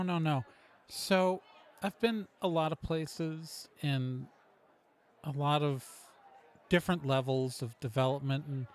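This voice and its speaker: A man with a notably high voice plays his character at a tabletop game. He keeps asking pointed, suspicious questions, with chatty asides and restarts. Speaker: player. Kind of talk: in-character tabletop role-play.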